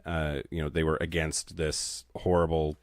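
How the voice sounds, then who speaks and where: A male podcast co-host in casual chat, wry and deadpan, swearing freely. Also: a bass voice, moderate pace, smooth, no room sound, studio quality.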